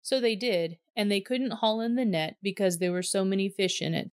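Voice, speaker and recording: A woman reading a Bible passage aloud in a clear, measured storytelling voice. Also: mid-range voice, dry recording, clean studio sound. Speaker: scripture reader.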